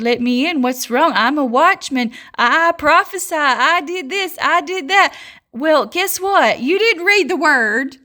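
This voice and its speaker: A woman's voice: high-pitched, a bit bright. A woman, a self-described prophetess, giving a fervent religious monologue, scolding and mocking her listeners and laughing mid-sentence.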